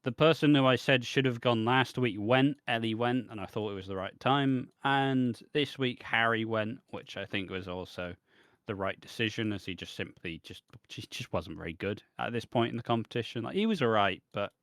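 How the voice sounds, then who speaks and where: British man, podcast co-host, middle pitch, dry close sound, sweary ranter who mocks people in voices. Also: normal speed, dry recording. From Britain. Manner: sweary, animated ranting with mocking voices. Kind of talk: casual ranting chat.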